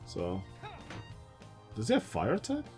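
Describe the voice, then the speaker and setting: A man's voice: fairly low pitch, huge pitch swings, unhurried, a little mellow, faint music behind. Chatty young male game streamer. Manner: rambling, chatty anecdotes with frequent laughs and fillers. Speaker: gaming streamer. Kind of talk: casual let's-play storytelling.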